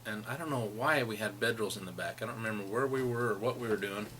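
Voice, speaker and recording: A man's voice: fairly low pitch, quick pace, fairly bright tone, a little hiss or hum. A middle-aged man telling rambling personal stories about a friend, laughing as he reminisces. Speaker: friend sharing memories. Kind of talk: personal storytelling.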